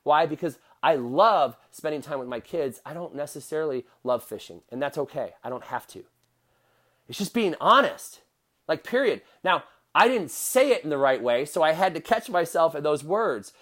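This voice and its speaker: A middle-aged man with a somewhat high-pitched voice hosts a motivational podcast. He speaks directly and earnestly to his listeners, as if coaching them one on one. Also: expressive, moderate pace, fairly bright tone. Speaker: podcast host.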